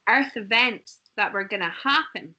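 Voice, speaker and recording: A woman's voice: mid-range voice, expressive, a little slow, bright, forceful tone. A woman, a guest in a casual chat, telling stories animatedly and laughing often.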